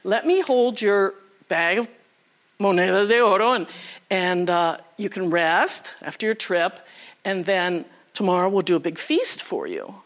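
A woman's voice: mid-range voice, measured pace, lightly acted. Folktale king: greedy, short-tempered, curt orders, voiced by a woman storyteller. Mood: scheming. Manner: scheming, then curt orders. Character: greedy, irritable male king.

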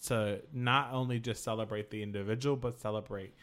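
A man's voice: lowish voice, fairly even intonation, brisk, a bit bright. A man co-hosting a casual podcast chat, playful and profane, jumping in with jokes. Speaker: podcast co-host.

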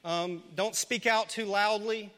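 A man with a high, bright, ringing voice delivers an earnest sermon to his congregation, his words trailing off into the long reverb of a church hall. He presses his points with repeated questions that grow loud and pleading. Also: steady tone, takes it slowly. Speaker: pastor.

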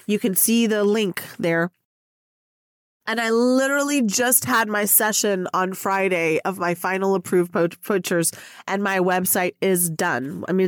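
Woman podcast host, mid-pitched, casual and animated, swears freely, laughs to herself, dry close mic. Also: no room sound.

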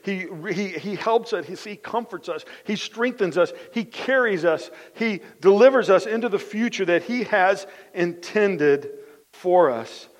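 High-voiced man preaching in an echoing hall. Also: a little slow. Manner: lively storytelling, repeats phrases, drops soft for key points. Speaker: pastor. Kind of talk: conversational sermon.

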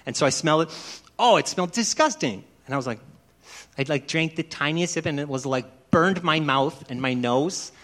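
A man's voice: fairly high pitch, expressive, moderate pace, fairly bright tone. A man who is a pastor, giving a conversational sermon and telling stories that act out dialogue. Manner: chatty storytelling, acts out dialogue.

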